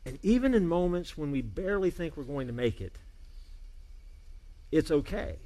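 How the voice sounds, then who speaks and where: A male pastor preaching a sermon to a congregation, earnest, urging loudly at times and dropping to a hushed emphasis. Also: fairly high pitch, sing-song, moderate pace, long pauses.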